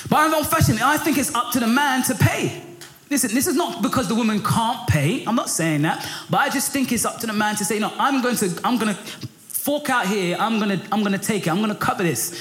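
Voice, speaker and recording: A middle-aged man preaching a sermon in a lively, passionate way. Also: fairly quick. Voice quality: high for a man, lively and passionate, rising when pressed. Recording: echoey room with faint music.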